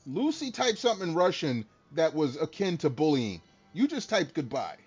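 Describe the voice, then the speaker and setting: A man with a high, very lively voice chats loosely with his live-stream audience, cracking jokes and cursing freely. The audio is dull and lo-fi, with faint music playing underneath. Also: normal speed, husky. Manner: joking, laughing, swears freely. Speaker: streamer talking to chat. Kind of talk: casual live-stream chat with viewers.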